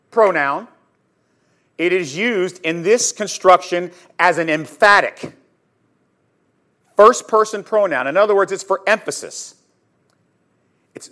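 A man teaching a sermon on scripture, telling the story dramatically and emphatically, swinging between loud and hushed, and putting questions straight to his listeners. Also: on the high side. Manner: addresses listeners directly with questions. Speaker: Bible teacher.

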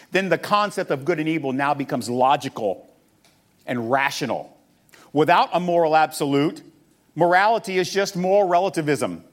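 Higher-voiced male pastor preaching. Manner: teaching, rhetorical questions, reads scripture aloud. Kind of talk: sermon.

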